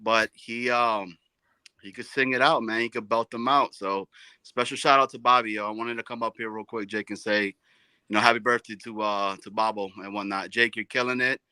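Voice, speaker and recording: A man's voice: on the low side, fairly even intonation, brisk, bright, forceful tone, clear, resonant tone, no room sound, low-quality recording. A man calling into a sports show, talking laid-back with street slang and stumbling over words. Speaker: caller. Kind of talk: casual call-in chat.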